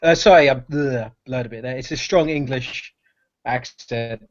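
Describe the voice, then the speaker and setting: A man playing a tabletop game, describing a character in a halting, animated way with many fillers. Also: mid-range voice, dull audio. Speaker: player.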